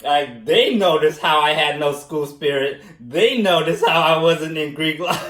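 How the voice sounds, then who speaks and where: A man being interviewed, speaking casually, animated and self-mocking, laughing often and slipping into impressions. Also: on the high side, measured pace. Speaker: interviewee, former student. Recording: echoey room, mic at a distance.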